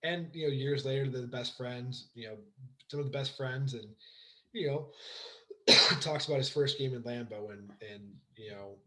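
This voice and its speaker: An excited young man talks football with a friend on a casual podcast. His voice is a bit hoarse, and he rambles through fillers and restarts, lowering his volume as he trails off. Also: moderate pace, rough recording. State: hoarse from shouting. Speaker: podcast co-host. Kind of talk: casual sports chat.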